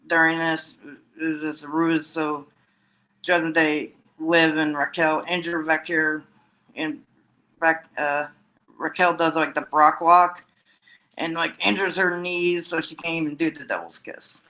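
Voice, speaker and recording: A man with a bright, slightly high voice gives a loose spoken recap on his own. He rambles, stops and restarts his sentences, and fills the gaps with "uh" and "and then.". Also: flat delivery, measured pace, rough recording. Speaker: wrestling fan recapping storylines. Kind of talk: casual solo recap.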